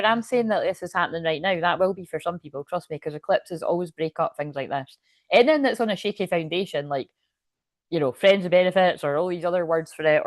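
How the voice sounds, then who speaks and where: A woman's voice: lowish voice, no room sound. A woman reading tarot cards on a live stream, chatty and laughing often, with rambling asides. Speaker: tarot reader.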